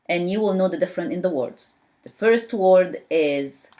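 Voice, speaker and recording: Woman teacher, patient lesson, says each sound over and over, slightly low voice. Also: darkish tone. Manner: repeats sounds slowly and patiently, non-native English grammar. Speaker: Arabic teacher. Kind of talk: slow spoken language lesson.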